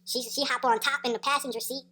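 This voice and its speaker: Higher-voiced woman telling a story, slangy and cussing, laughs a lot. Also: steady tone, quick pace, sharp tone. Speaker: storyteller vlogger. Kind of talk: casual storytelling.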